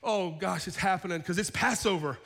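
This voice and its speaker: A man preaches with a high, climbing voice, acting out the story as he tells it. His words keep doubling back on themselves. The sound rings through a large, echoing church. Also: a little fast, fairly bright tone. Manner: dramatic storytelling, acting out biblical characters; repeats words, restarts phrases. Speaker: pastor. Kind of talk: sermon. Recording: long hall reverb.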